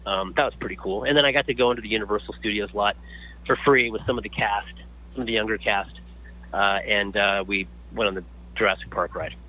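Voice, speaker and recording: A man, a guest actor, telling stories in a casual interview, lively and full of restarts. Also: lowish voice, a little fast, lo-fi sound. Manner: animated storyteller with many restarts.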